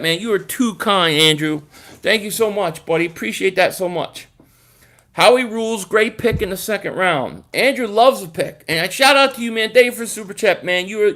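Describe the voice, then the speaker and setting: High-voiced man hosting a sports live stream. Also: fairly bright tone. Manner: casual, thinks aloud, repeats words. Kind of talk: live-stream chat reading viewer comments.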